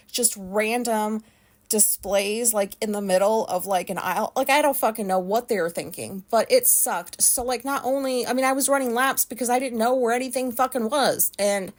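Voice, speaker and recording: A woman vlogger telling a story in a rambling, casual way, full of "like" fillers and swearing. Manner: animated, quick pitch jumps when telling a story.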